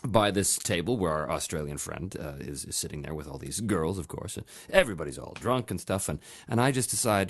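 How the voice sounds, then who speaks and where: A man hosting a podcast, telling a story in a casual, animated way, laughing often and slipping into put-on accents. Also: low-pitched, fast talker, hardly any pauses, slightly rough. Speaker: podcast host. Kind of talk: casual interview chat.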